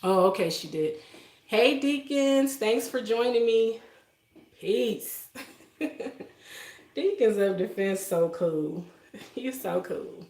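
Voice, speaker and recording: A woman's voice: mid-range voice, lively intonation, slow pace, pauses often. Emotional woman chatting in a roomy kitchen. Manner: emotional, soft-spoken, laughs often. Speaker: livestream host. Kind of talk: casual live-stream chat with viewers. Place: home kitchen.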